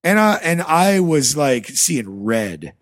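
A man's voice: on the high side, takes it slowly, no echo. A man guest on a podcast, casually telling a story from his life with lots of swearing and acted-out dialogue, from the American Rust Belt. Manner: animated, swears freely, acts out dialogue.

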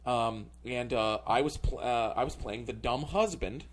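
A man's voice: medium pitch, a little slow, slight background noise. Rambling man telling a story. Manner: rambling, full of filler words. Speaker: comedian guest. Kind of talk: casual podcast storytelling.

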